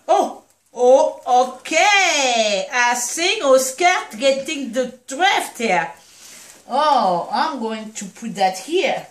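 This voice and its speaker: A woman's voice: high voice, animated, slow, a bit bright. A woman chatting through a puppy feeding demonstration, cheering and coaxing the puppies as she goes. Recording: echoey room, mic at a distance.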